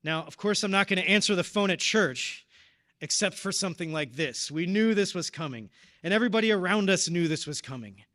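A man's voice: high voice, animated, fairly quick, pushed and bright. A man in his thirties preaching, telling a personal story in an earnest, emotional way. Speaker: deacon or preacher at a parish. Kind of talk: personal testimony in a sermon.

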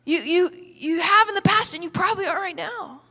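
Bright, high-voiced woman preaching in a hall. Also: brisk. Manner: energetic, humorous, emphatic storytelling. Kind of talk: sermon. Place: church hall. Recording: echoey hall.

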